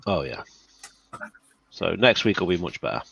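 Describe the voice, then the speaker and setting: A man's voice: deep voice, sing-song, moderate pace, creaky, lo-fi sound, noisy background. A man co-hosting a casual livestream chat, wry and understated, talking into a computer mic. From United Kingdom. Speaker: co-host.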